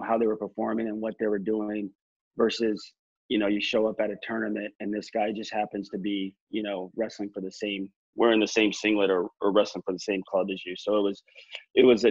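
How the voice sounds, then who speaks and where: Low-voiced man on dull, dry audio. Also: dry recording. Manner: halting, many restarts. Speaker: podcast guest. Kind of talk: casual reflective chat.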